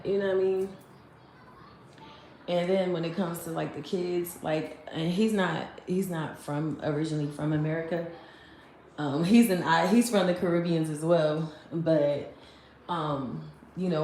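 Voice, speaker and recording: Chatty low-voiced woman in her thirties. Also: a little mellow, reverberant, slight background noise. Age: 30s. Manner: chatty, laughing often, rambling asides. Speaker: vlogger. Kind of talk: casual chat to camera. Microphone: phone camera.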